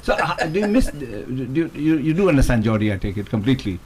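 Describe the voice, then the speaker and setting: A man's voice: mid-range voice, very animated, fast talker. Jokey male radio host. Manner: jokey, laughing interviewer. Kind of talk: casual chat.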